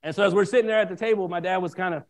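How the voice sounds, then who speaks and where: A man preaching a sermon, telling a personal story in an animated way and often checking in with his listeners. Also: sits high, racing. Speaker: minister.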